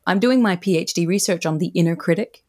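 A woman's voice: fairly low pitch, fast, a little mellow. A woman who is a podcast guest and a researcher, explaining ideas earnestly with frequent "you know"s. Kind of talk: casual conversational interview.

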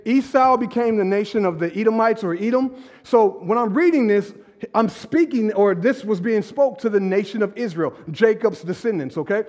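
A man preaching a sermon in a church hall, animated and conversational, with sudden shouted emphasis. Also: high voice, normal speed. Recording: long hall reverb.

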